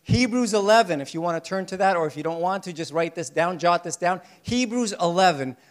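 A man with a high-pitched voice preaching a sermon. He talks to the congregation in an animated way and now and then acts out the people in the story. His pitch rises and falls sharply as he drives home his points. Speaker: pastor.

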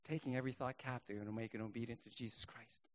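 A middle-aged man preaching a sermon and telling his own testimony, earnest, rising to emphatic bursts and then dropping quiet. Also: medium pitch, steady tone, quick pace.

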